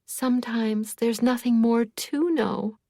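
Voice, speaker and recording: Woman reading as a flustered motherly older lady, raised pitch, dry sound. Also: takes it slowly, gravelly, warm tone, no echo, heavily acted. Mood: fussing. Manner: flustered, soothing. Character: fussing, protective older woman.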